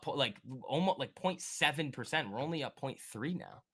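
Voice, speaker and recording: A man hosting a live stock trading stream, thinking aloud and answering chat in an excitable, quick way. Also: medium pitch, slightly rough. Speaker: stock trading livestream host. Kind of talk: live market commentary reading chat.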